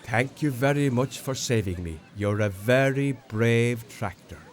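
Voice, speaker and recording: A man doing a low, grateful rescued man. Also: unhurried, slight background noise, close to an everyday voice.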